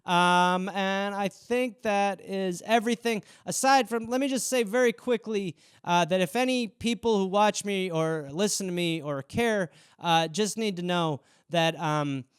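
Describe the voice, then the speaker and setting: A man's voice: high voice, a little slow, hardly any pauses, clear, resonant tone, no echo, clean studio sound. A man, hosting a casual solo show and riffing loosely on viewer suggestions in a rambling, self-mocking way. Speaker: host.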